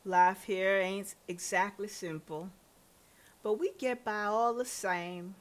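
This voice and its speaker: A down-to-earth Southern farm wife in her late thirties, as a woman reads her lines. She speaks slowly and evenly, in a mid-pitched voice, plain and matter-of-fact. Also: steady tone, close to an everyday voice. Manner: plain, measured reading of game lines.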